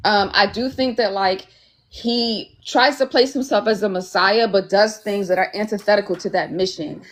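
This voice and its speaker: A woman's voice: mid-range voice, moderate pace. A woman on a live-stream panel who argues her view earnestly, hedging with "like" and "um". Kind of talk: casual panel discussion.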